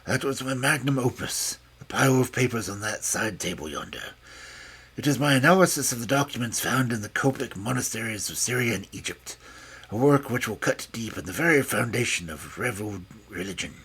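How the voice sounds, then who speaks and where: A man's voice: medium pitch, animated, brisk, fairly bright tone, husky, voice pushed down, heavily acted. A man voicing a frail old male scholar who speaks with a mincing, precise manner. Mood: fussy.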